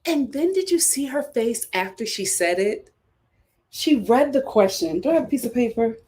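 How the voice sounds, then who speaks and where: A woman hosting a live review of a reality show, talking with animated, indignant energy and piling up rhetorical questions. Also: a little high, moderate pace, background noise. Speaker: reality TV recap host.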